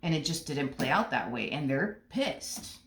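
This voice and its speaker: Low-voiced woman ranting through a tarot reading. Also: big pitch swings, measured pace, vocal fry, slight background noise. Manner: blunt, emphatic, repeats herself, swears casually. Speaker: tarot reader. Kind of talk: casual tarot reading monologue. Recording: roomy echo.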